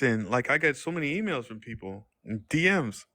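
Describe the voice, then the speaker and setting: A man's voice: fairly high pitch, very animated, fast, bright, forceful tone. A man hosting a casual livestream, rambling in slangy speech and acting out quoted exchanges. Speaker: livestream host.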